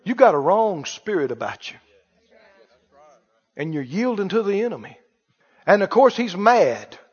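Preacher, folksy storyteller, very high animated voice, echoey hall, dull lo-fi recording. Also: male voice, measured pace, slightly rough. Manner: folksy storytelling, acts out dialogue, repeats phrases. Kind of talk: sermon.

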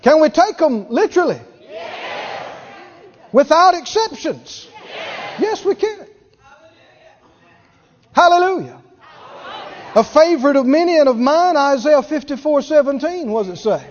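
Male preacher, high and animated, deliberate pace, emphatic repetition; dull sound with long hall reverb. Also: a faint crowd. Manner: emphatic, repeats for effect, laughs between points. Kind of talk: sermon.

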